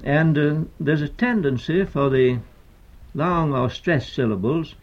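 An older man, a poet, lecturing on meter in a hesitant, deliberate way with many pauses and fillers, on a dull lo-fi archival recording. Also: a little high.

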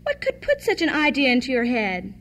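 A woman playing a scornful stepmother, shrill and sharp. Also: wildly swooping pitch, brisk, exaggerated voice. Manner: sharp and dismissive. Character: scornful harsh stepmother lady, middle-aged.

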